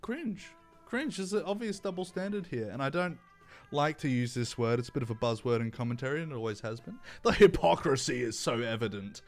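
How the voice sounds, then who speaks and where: A man's voice: mid-range voice, lively intonation, fast talker, soft background music. Profane young man ranting on stream. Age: young adult. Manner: crude, sarcastic, mocking asides. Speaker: livestream commentary host. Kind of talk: profane casual commentary rant.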